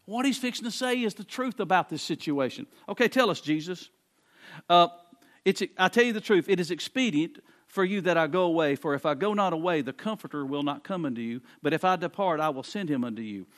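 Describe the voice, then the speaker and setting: High-pitched pastor, emphatic pulpit delivery, repeats himself for force. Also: male voice, animated, a little fast. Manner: emphatic preaching, repeats phrases, swings between quiet and loud. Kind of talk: sermon.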